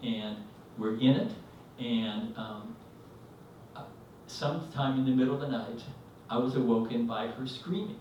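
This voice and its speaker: A man's voice: medium pitch, measured pace, muffled recording, heavy background noise. A man telling a rambling personal story at a live storytelling event, acting out the voices in it. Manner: rambling, animated, acts out quotes. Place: live event venue, indoors. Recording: echoey hall, mic from a distance.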